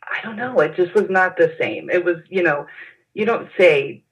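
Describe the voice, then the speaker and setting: A woman recalling events in an interview, speaking haltingly with frequent pauses and fillers. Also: on the low side, expressive. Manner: hesitant, halting with many fillers. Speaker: interview guest. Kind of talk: personal recollection in an interview. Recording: dull lo-fi sound.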